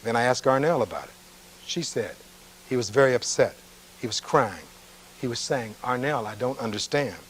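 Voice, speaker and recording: A defense attorney giving a closing argument in a courtroom, reading witness testimony aloud and following it with pointed rhetorical questions. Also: male voice, mid-range voice, poor audio.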